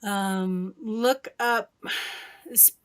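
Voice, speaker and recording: A woman from Michigan, a guest on an interview podcast, telling stories in an animated way, laughing often and acting out what people said. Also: medium pitch, drawn-out words, clear, resonant tone. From Michigan, USA. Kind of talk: casual interview storytelling.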